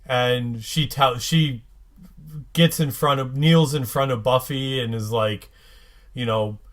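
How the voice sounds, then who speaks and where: A man co-hosting a podcast, recapping an episode in casual chat, halting with many fillers and restarts. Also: mid-range voice, fairly even intonation, fairly bright tone.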